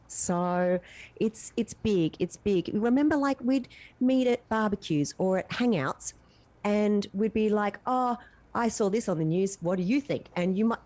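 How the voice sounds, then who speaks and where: A woman in casual conversation, talking earnestly and from the heart. She rambles a little and restarts her sentences. Her voice sits at an ordinary middle pitch. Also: a little mellow. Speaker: guest. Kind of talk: casual chat.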